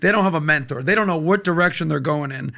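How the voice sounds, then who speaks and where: A man's voice: fairly high pitch, quick pace, gravelly. A man hosting a podcast, chatting energetically and cheering on his guest. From United States. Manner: energetic, agreeable, hypes the guest. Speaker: podcast host. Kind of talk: casual podcast chat.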